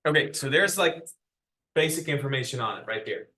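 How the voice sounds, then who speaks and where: Bright-voiced man teaching math. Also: medium pitch, lively intonation, brisk. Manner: explaining step by step, asking the class questions. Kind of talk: classroom lecture. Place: classroom.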